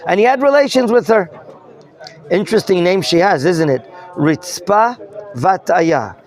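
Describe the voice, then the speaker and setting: A man's voice: high-pitched, lively intonation, unhurried, faint music behind. A rabbi teaching a Bible class, questioning his students and explaining the terms as he goes. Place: study hall classroom.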